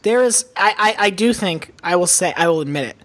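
A man co-hosting a podcast in casual chat, animated and putting on voices for mock quotes. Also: high voice, brisk. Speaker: podcast co-host.

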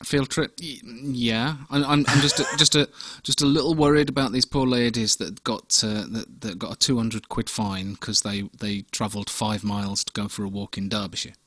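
Guy chatting on a podcast, bright tone, dry close sound. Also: lowish voice, steady tone, moderate pace, hardly any pauses, no room sound. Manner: laughs easily, stammers on restarts. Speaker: podcast co-host. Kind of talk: casual chat.

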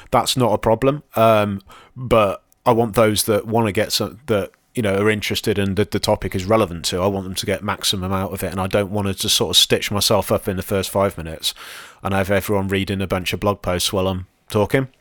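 A man talking casually on a podcast, rambling and self-deprecating, with lots of ums. His voice sits fairly low, and the recording is close and dry with no room sound. He talks easily, as if among friends. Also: little pitch movement, a little fast, hardly any pauses, fairly bright tone, no echo. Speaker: podcast co-host and conference speaker.

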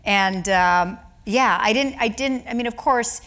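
A woman author chatting on stage in front of a live audience, animated and quick to laugh as she tells stories. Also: a little high. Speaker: cookbook author being interviewed. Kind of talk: casual onstage conversation.

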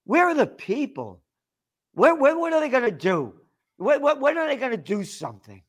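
A man's voice: very high voice, very animated, moderate pace. A man hosting a political talk show, rambling and indignant, with many restarts and fillers. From United States. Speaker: host.

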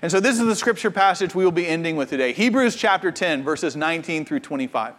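A man, likely in his thirties, preaching a sermon as pastor with animated, playful storytelling. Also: a little high, quick pace, few pauses, big-room sound.

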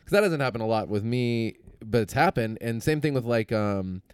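A man co-hosting a podcast in casual chat, joking around and reacting fast. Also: mid-range voice, animated, smooth, no echo, studio quality. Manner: joking, quick reactions, swears. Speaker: podcast co-host.

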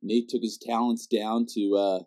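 A man with a Canadian accent hosts a podcast interview in a loose, rambling way, filling pauses with plenty of ums and restarts. His voice sits fairly low. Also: level tone, a little mellow. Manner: rambling, with many fillers and restarts. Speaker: podcast host. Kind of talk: casual interview chat.

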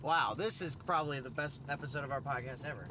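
A man's voice: mid-range voice, fast talker, crowd noise. A man driving a car while co-hosting a casual podcast, trading wry, teasing banter with his friend. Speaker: podcast co-host and driver. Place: inside a moving car. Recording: car with faint road noise.

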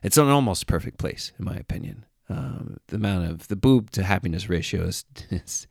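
A man's voice: low voice, lively intonation, moderate pace, vocal fry, no echo, clean studio sound. A man talking casually to camera as a travel vlogger, joking and sarcastic, with a rambling, offhand way of talking. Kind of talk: casual monologue.

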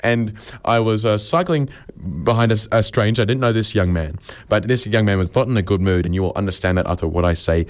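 A man with an Australian accent rambles through a comic monologue in a dry, mock-serious way. His voice sits on the low side, and he keeps jumping it upward to stress his points. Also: fairly quick. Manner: sardonic, mock-serious, swings pitch for emphasis. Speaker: comedian.

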